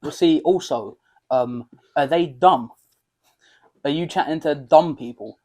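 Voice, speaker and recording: A man's voice: on the high side, a little slow, warm tone. A young English man co-hosting a casual chat, slangy, swearing freely and cracking dry quips. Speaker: podcast co-host.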